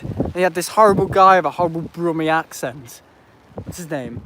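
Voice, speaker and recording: A man's voice: a little high, fairly quick. A man hosting a casual live stream outdoors at an airport, rambling and aggrieved with many fillers. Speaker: livestream host. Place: outdoors at an airport visitor park. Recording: noisy outdoor stream audio.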